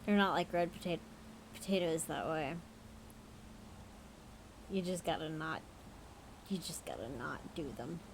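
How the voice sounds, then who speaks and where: A woman's voice: low voice, measured pace, pauses often, noisy background. A woman hosting a livestream, reading spooky stories aloud and breaking off for frank, profane chat while she has the hiccups and feels tired. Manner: frank and profane, with laughing asides. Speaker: livestream host.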